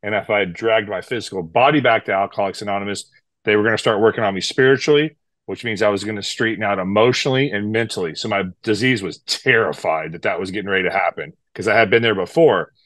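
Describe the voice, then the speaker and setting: A male podcast guest telling his recovery story in a steady, deliberate way. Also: fairly low pitch, no room sound. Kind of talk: personal testimony.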